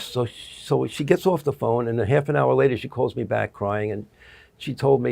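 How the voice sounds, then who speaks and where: A man's voice: mid-range voice, moderate pace, gravelly, darkish tone. A middle-aged man, a guest annuity producer, telling stories in an interview, rambling with restarts and acting out quotes. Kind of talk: interview storytelling.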